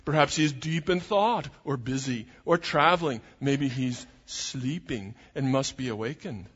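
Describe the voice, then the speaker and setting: Man preaching in an echoing hall. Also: fairly high pitch. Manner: storytelling, animated retelling of scripture. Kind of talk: sermon. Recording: muffled recording in a reverberant hall.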